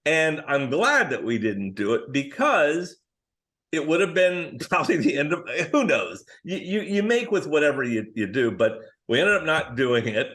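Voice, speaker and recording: A middle-aged man, a screenwriter guest on a podcast, telling casual, animated stories and acting out other people's lines. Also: fairly high pitch, moderate pace.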